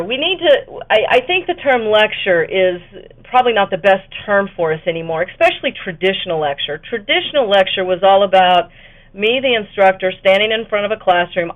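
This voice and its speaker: A woman's voice: mid-range voice, expressive, fairly quick. A woman presenting an instructional webinar to fellow educators, talking conversationally with fillers and the occasional self-correction. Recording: tinny phone-like webinar audio.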